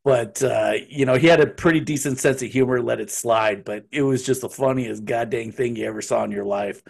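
A man's voice: medium pitch, fairly quick, creaky, hardly any pauses, husky. A man casually telling a workplace story, swearing freely and acting out what people said. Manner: profane, animated, acts out quotes. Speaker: podcast co-host telling a story.

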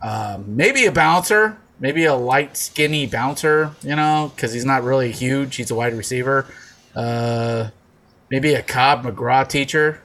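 A man's voice: medium pitch, measured pace, a bit bright, slight background noise. A man co-hosting, joking and rambling in crude comedic banter. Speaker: podcast co-host.

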